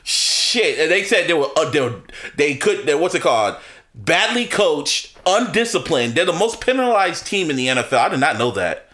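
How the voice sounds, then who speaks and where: A man co-hosting a podcast, telling sports stories in casual chat, laughing often and getting excited. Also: on the high side, moderate pace. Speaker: podcast co-host.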